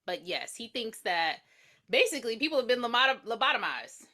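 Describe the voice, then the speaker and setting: Animated woman recapping a movie. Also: fairly high pitch, a little fast. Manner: animated, acts out characters' lines. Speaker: podcast co-host. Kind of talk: casual movie recap chat.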